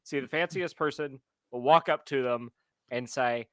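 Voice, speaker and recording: A man's voice: medium pitch, unhurried, no room sound. A man playing a tabletop game, casually describing what his character does. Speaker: player.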